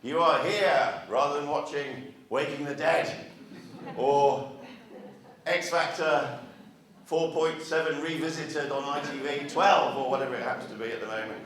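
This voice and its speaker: A man's voice: on the high side, steady tone, measured pace, a bit bright. A man giving a marketing speech to a live audience at a regional meeting, chatty and full of rhetorical questions put to the room. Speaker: marketing speaker. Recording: echoey hall, mic far off.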